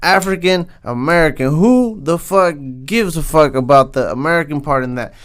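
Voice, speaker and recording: A man's voice: a little high, normal speed, a bit bright, clear, resonant tone. A young man from Southern California hosting a podcast, delivering a heated, swear-filled comedic rant and tagging lines with "man.". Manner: heated, swears constantly, says "man" a lot. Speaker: podcast host.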